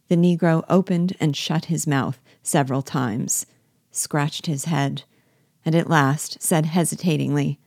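A woman reading a classic novel aloud with steady, measured storytelling, close to the mic. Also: sits low, no echo. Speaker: audiobook reader.

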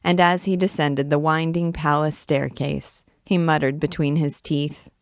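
A woman reading a classic novel aloud in a measured, expressive way as a guide to the book. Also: deep voice, no echo, studio quality.

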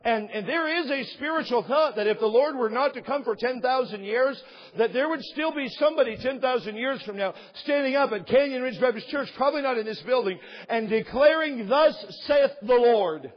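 Husky high-voiced preaching man. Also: fairly quick, in a large hall, dull audio. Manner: impassioned preaching with rising emphasis. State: losing his voice. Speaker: pastor. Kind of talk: sermon. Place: church sanctuary.

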